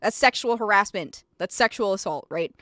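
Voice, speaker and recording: A woman streamer giving live reaction commentary, excitable and profane, rambling with frequent laughter. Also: mid-range voice, normal speed, no echo.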